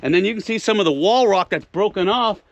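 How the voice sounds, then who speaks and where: A man's voice: high-pitched, lively intonation, quick pace, vocal fry, muffled recording. A man hosting an outdoor geology lesson, pointing out rocks at an old mine site in a casual, instructive way. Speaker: host explaining geology. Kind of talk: outdoor teaching walkthrough.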